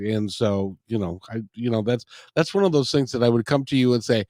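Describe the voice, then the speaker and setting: A man hosts an interview in a halting, rambling way and often stops to restart his thoughts. His voice sits in the middle range. The recording is dry with no room echo. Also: mid-range voice, darkish tone. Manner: rambling, halting, self-correcting. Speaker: podcast host. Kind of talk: conversational interview.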